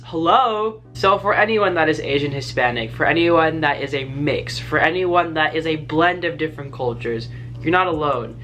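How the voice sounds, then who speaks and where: A man's voice: on the high side, pushed and bright. An American man talking casually and enthusiastically to the camera in a vlog, rambling a bit with lots of fillers. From United States. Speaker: vlogger.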